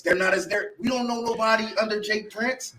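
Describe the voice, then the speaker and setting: A man in a casual debate among friends, speaking in profane slang and pressing his point insistently, loud at times. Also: high-pitched, steady tone, brisk, background noise.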